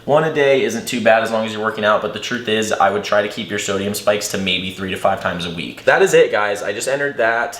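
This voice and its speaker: A man's voice: lowish voice, brisk, hardly any pauses, a bit bright. A bodybuilder and nutrition coach talking his viewers through a how-to vlog in a casual, chatty way, calling them guys. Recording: echoey room.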